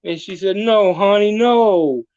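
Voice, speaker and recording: A man's voice: sits high, measured pace, darkish tone, dull audio. A man telling a comedic folksy story as a guest, drawling and full of country sayings.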